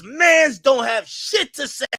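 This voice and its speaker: A man putting on a mock Jamaican accent to read a quote aloud, shouting and drawing out the words. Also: very high voice, slow pace, no room sound, clean studio sound, voice pushed up, full character voice. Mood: defiant. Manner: shouting, drawn out.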